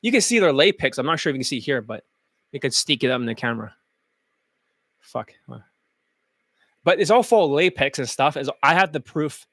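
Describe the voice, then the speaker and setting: A man with a high voice rants bluntly, mocking and swearing as he goes. The sound is dry and close, with no room around it. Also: very animated, a little fast, pauses often, a bit bright, no echo. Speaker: dating coach host. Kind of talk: profane reaction rant.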